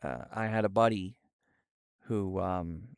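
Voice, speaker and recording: A young man streaming live, speaking in a halting, soft-spoken way with many fillers. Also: low-pitched, gravelly, smooth, no room sound, studio quality. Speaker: livestreamer. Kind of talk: casual livestream chat. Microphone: VR headset setup.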